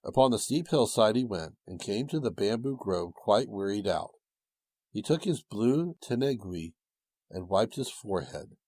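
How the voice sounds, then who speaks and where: Guy narrating an old fairy tale, kinda husky, lowish voice, dry close sound. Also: expressive, moderate pace, no echo. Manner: gentle, old-fashioned storytelling cadence. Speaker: storyteller. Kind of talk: storybook narration.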